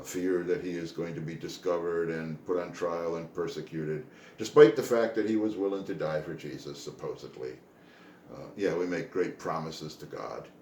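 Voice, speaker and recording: A man's voice: sits low, a little mellow, reverberant, slight background noise. A man from the United States giving an earnest, reflective daily Bible devotional, pressing hard on his key points. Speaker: Bible teacher.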